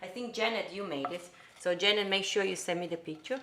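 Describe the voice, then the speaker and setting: A woman's voice: on the low side, a little fast, background noise. An Italian woman with an Italian accent, hosting a live-streamed cooking show from her home kitchen, chatting and greeting viewers by name in loose English. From Italy. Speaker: host.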